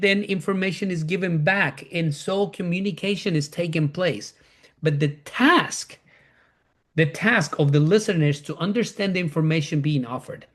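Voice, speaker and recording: A man teaching a Bible class, repeating key phrases, often restarting and correcting himself as he explains. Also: high voice.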